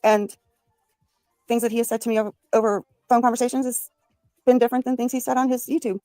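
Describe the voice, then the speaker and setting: A woman guest on a livestream panel, telling her side of things in a rushed, emphatic way. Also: fairly high pitch, steady tone, mellow, dry recording, faint music behind.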